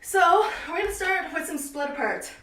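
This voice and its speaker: A young woman with a high, bright-pitched voice coaches a home workout while out of breath, counting reps with upbeat energy. She stands back from the camera in a small, echoey room. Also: lively intonation, moderate pace, slight background noise. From Canada. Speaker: fitness instructor. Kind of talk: live online workout class. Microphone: camera at a distance. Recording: echoey room, voice far from mic.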